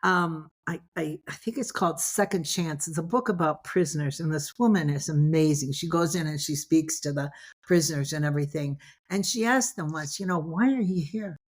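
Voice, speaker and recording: An older woman with a slightly low voice tells stories on an interview show. She rambles from one thought to the next, peppering her talk with "you know" and restarting her sentences. She slips into the voices of the people she quotes. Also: normal speed. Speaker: guest. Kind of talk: casual interview storytelling.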